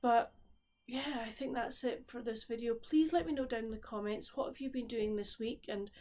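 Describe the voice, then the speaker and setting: A woman's voice: a little high, moderate pace, darkish tone, slight background noise. A woman with a Scottish accent chatting casually about her week as a book vlogger, rambling and often breaking off to restart her sentences. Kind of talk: casual chat. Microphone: solo camera recording at home.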